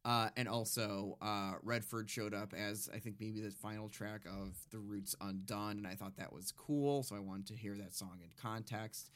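A man's voice: on the low side, steady tone, normal speed, hardly any pauses, fairly bright tone. A young man co-hosting a podcast, talking reflectively and hesitantly with many fillers. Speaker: podcast co-host. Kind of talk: casual podcast chat.

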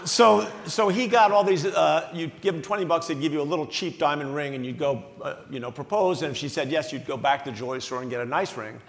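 An animated, self-mocking man in his sixties from the Philadelphia area, spinning a story for a luncheon crowd. His voice sits somewhat high. He was recorded in a big banquet hall with a long, roomy echo. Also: quick pace, vocal fry, few pauses. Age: 60s. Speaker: guest speaker. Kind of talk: anecdotal storytelling on stage. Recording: echoey hall with long reverb.

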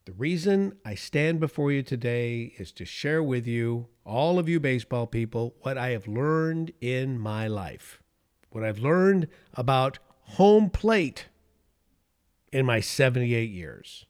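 A man's voice: medium pitch, animated, darkish tone, clean tone. A man quoting an emphatic old baseball coach. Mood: earnest. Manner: deliberate, drawn-out emphasis.

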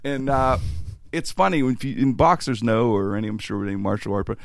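A middle-aged man from Pittsburgh telling a story in casual chat, animated and profane, with many restarts. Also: mid-range voice, a little fast, vocal fry, dry recording.

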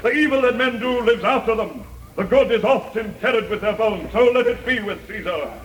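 A man playing Mark Antony, declaiming high. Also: moderate pace, crowd noise, natural voice. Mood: orating. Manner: declaiming loudly without amplification. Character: Mark Antony, Roman man giving a funeral oration. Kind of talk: classical stage acting. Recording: distant, echoey outdoor stage recording with audience.

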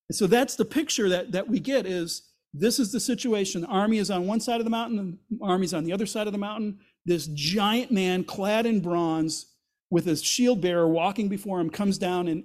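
A man's voice: high voice, darkish tone. A man preaching a sermon as pastor, in a conversational, explanatory way, asking rhetorical questions and voicing the quotes he reads. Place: church.

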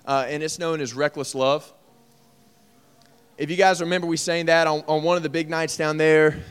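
Youth pastor, male, clear voice pitched a bit high, warm casual preaching to a room of teens. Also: little pitch movement, moderate pace, faint music behind. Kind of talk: addressing a youth group.

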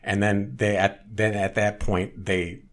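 A man chatting casually on a podcast, retelling a sitcom episode at length with restarts and loud acted-out quotes. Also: lowish voice, little pitch movement, a little slow. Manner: rambling storyteller, many restarts, acts out quotes loudly. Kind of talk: casual chat.

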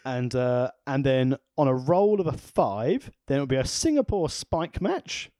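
A man's voice: medium pitch, very animated, measured pace, mellow, no room sound. A man co-hosting a casual wrestling podcast, recapping with dry, wry humor. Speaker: podcast co-host.

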